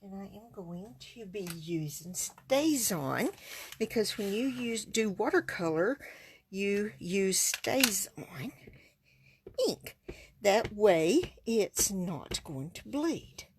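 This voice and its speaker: Slow, folksy woman demonstrating crafts. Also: mid-range voice, expressive, noisy background. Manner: folksy, chatty, talks while working. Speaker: stamping demonstrator.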